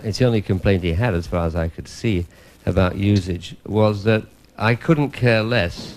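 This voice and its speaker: A man's voice: on the low side, a little mellow. A man from England, moderating a panel discussion and pressing his guests with emphatic questions. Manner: inquisitive, emphatic, argues with guests.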